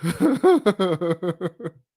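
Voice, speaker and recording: In a studio-quality recording with no room sound, an Australian livestream host chats casually, laughs often and reads out his viewers' comments. His voice is high yet dark in tone, sing-song and very slow.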